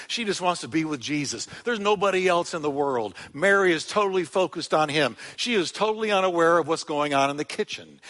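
A man preaching a sermon to his congregation, telling the story with animated emphasis and loud, emphatic peaks. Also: on the high side. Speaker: pastor. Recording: long hall reverb.

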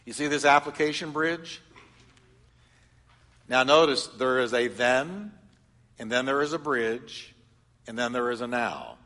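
Animated male pastor in a reverberant hall. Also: medium pitch, a little slow, pauses often. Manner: animated, swings between loud exhortation and soft reflection. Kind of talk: sermon teaching. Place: church hall.

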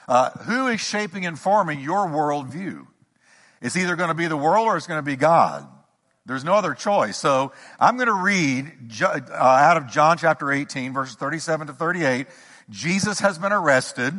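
A man's voice: on the high side, sharp tone. A male pastor preaching a sermon, emphatic, with rising repeated questions. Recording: long hall reverb.

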